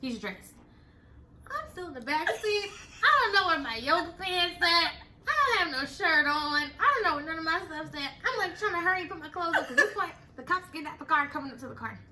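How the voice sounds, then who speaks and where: A young woman telling a story in casual chat, animated and breaking into laughter as she retells it. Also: very high-pitched, a little fast. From Texas. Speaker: storyteller host.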